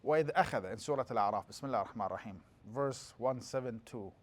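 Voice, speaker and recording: Fast-talking man teaching a class. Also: mid-range voice. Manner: lively, quickly chants scripture passages between explanations. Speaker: religious teacher. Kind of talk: classroom lecture.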